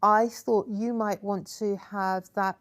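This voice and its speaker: A woman's voice: medium pitch, little pitch movement, slow pace. A woman hosting a hands-on crafting workshop, chatty and encouraging, praising her guests often as she explains each step. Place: indoor crafting table.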